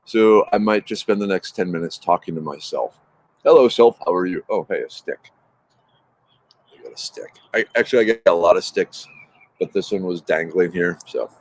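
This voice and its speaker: A man's voice: deep voice, normal speed. A man hosting a casual morning livestream from his backyard, greeting viewers by name in an upbeat, rambling way. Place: outdoors in a backyard. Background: traffic noise.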